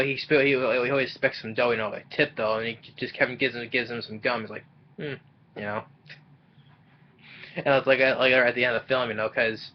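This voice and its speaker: A man talks through a movie plot in a loose, rambling way, stumbling over his words and restarting often. His voice sits at an ordinary middle pitch, and the recording sounds dull and lo-fi. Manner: rambling and halting, with many fillers and restarts. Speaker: movie reviewer. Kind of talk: casual spoken film recap.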